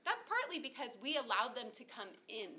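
A woman in her thirties chats in an animated, storytelling way, often slipping into the voices of people she quotes. Her voice sits high and sounds bright and clear, with a lively, friendly bounce. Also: fairly quick. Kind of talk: casual conversational talk.

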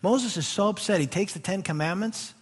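High-pitched preacher reading verses and chatting between them, big echoey hall. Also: male voice, a little fast, breathy edge. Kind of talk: sermon with scripture reading. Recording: reverberant hall.

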